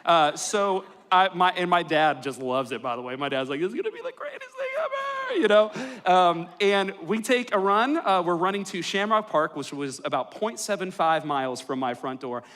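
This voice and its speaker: A man's voice: a little high, animated, moderate pace, hardly any pauses, bright, forceful tone, slight background noise. A young man, preaching a sermon full of self-deprecating jokes and personal stories. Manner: joking, self-deprecating storyteller. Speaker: pastor. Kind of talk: sermon with storytelling. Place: church worship hall.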